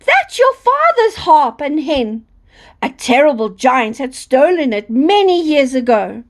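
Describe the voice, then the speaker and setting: A kind storybook mother explains things gently to her son, voiced by a woman reading aloud. Her voice is high and unhurried. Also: sing-song. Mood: relieved. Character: kind, relieved mother of a poor boy.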